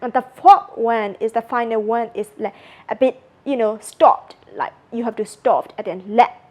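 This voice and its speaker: A woman from Myanmar, a native Burmese speaker with a Burmese accent, giving an informal lecture with many "like" and "you know" fillers while slowly repeating sounds to demonstrate them. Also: on the high side. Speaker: language presenter.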